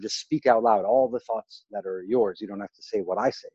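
A man with a low, mellow voice talks through a coaching exercise in an easygoing podcast conversation. His sound is dry, close and slightly dull, as if from a modest mic with no room around it. He explains patiently and steadily. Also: fairly quick, hardly any pauses, slightly rough, no room sound. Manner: explains calmly, acts out worried and excited self-talk in demonstrations. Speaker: guest, speaking coach.

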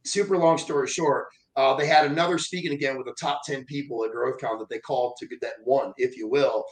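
A man's voice: medium pitch, brisk, rough recording. A man, a motivational speaker telling a story in casual chat and acting out the voices of the people in it. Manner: animated, acts out quoted voices.

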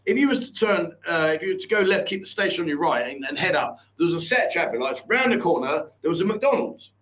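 A man hosts a loose, casual chat show. He tells stories with a grin in his voice and trades cheeky banter. His voice sits a touch higher than most men's. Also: expressive, fast, fairly bright tone, poor audio. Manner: chatty, laughing storyteller with cheeky banter. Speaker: host.

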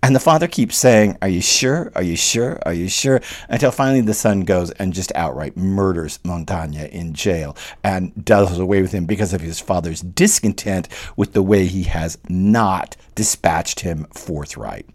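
A man giving an animated lecture that walks through a poem line by line and tells the history behind it. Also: low-pitched, moderate pace, few pauses. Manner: lively, animated storytelling with rising emphasis. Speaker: literature lecturer.

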